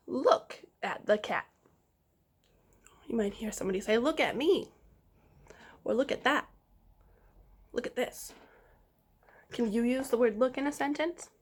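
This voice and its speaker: A woman teacher with a fairly high-pitched voice leads a slow, clear phonics lesson for young children, sounding out each letter and asking them to repeat it.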